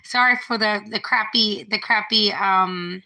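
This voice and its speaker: Speaking at a measured pace in a medium-pitched, bright, forceful voice, a middle-aged woman hosts a casual live stream from home. She rambles, reads viewer comments aloud, and often starts over. The recording, made on a phone, is low quality.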